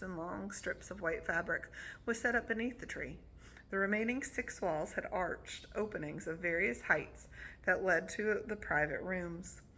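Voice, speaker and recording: A woman's voice: on the low side, creaky, fairly bright tone, slight background noise. A woman reading a novel aloud in a casual way, with slips and restarts. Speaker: reader.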